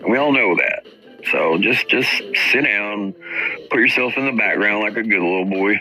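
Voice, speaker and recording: A man's voice: lowish voice, normal speed, bright, forceful tone, soft background music, poor audio. A man hosting a stream, ranting with mocking, profane commentary about other people. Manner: combative, mocking, swears constantly. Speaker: streamer host.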